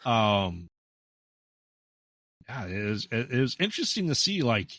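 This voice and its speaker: A man's voice: mid-range voice, sing-song, a little slow, bright, forceful tone, dry recording. A man co-hosting a podcast, giving laid-back, hesitant opinions on a film. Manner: laid-back, hesitant with ums and restarts, dry asides. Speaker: podcast co-host. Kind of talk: casual movie review chat.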